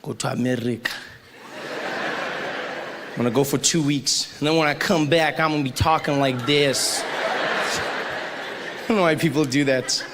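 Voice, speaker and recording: A man with a South African accent doing stand-up comedy on a live stage, animated and slipping into acted-out voices of other people. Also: fairly high pitch, a little slow, pauses often, long reverb tail. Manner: animated, loud character voices, acted-out quotes. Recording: live room noise.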